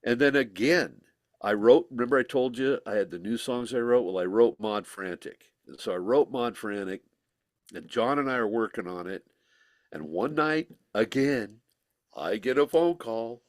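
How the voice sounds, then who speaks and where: A man telling stories as a guest in an interview, animated and laughing, slipping into voices when he quotes people. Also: medium pitch, normal speed, no room sound, clean studio sound. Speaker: musician guest. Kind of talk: casual storytelling interview.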